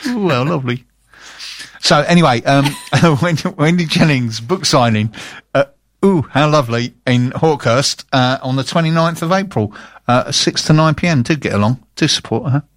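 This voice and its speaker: A man's voice: mid-range voice, normal speed, no echo. Man, radio co-host, casual chat, stammering restarts, dry close sound. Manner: chatty, stammers on restarts, reads out listings.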